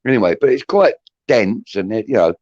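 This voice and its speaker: A man's voice: fairly low pitch, expressive, brisk, darkish tone, no room sound. Man, 50s, from southeast England, chatty storyteller, dry lo-fi sound. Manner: rambling anecdotal storytelling. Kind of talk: casual chat. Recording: dry muffled lo-fi audio.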